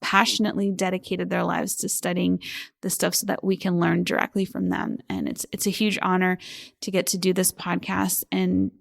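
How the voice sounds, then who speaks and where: A woman's voice: fairly low pitch, normal speed, vocal fry. A woman in her thirties hosting a podcast, talking in a heartfelt, gushing way. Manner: warm, heartfelt and gushing, often near tears. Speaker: podcast host. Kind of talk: reading listener reviews on a podcast; scripted disclaimer read.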